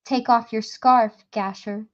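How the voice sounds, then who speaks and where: Woman doing a soft-voiced, menacing gang boss. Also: high voice, steady tone, takes it slowly, highs cut off. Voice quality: soft, thick voice. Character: cold, menacing male gang leader.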